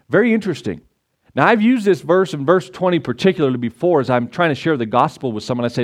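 Folksy preacher man, a bit high-voiced. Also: expressive, fast talker. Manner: folksy storytelling, laughs at his own jokes, coaxes the congregation. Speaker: pastor. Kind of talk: sermon with a joke and scripture reading. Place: church sanctuary.

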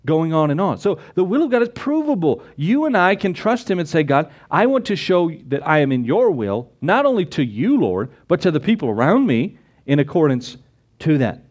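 In a sing-song voice at a moderate pace, a male pastor delivers a sermon. He draws on scripture and rhetorical questions, veering between emphatic exclamations and hushed conversational remarks.

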